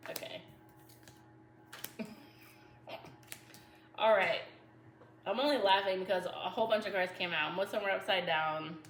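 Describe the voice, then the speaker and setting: A woman's voice: mid-range voice, slow pace, pauses often, fairly bright tone. A woman doing a casual tarot reading, chatty and slangy, talking to her viewers as y'all and laughing easily. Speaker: tarot reader. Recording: echoey room with faint background noise.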